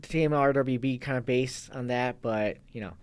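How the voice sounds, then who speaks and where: A man's voice: medium pitch, fairly even intonation, moderate pace, clean tone. A man in a casual interview talks as a fitness coach in a mid-range voice. His talk is loose and rambling. He often breaks off and restarts his sentences. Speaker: guest, fitness and kettlebell coach.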